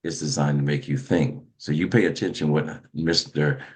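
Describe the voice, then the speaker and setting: A man with an extremely deep voice hosts a motivational podcast. He speaks emphatically, like a preacher, often restarting his sentences. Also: steady tone, normal speed. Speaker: host.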